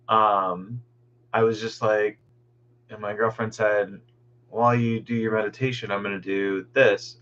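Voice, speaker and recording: A man's voice: medium pitch, fairly bright tone, muffled recording. A man hosting a meditation group from home on a video call, rambling casually and greeting people by name.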